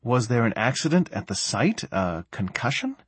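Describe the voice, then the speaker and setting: A man's voice: mid-range voice, very animated, moderate pace, slightly rough, no echo. A man voicing a worried, demanding father. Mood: anxious. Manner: insistent questioning.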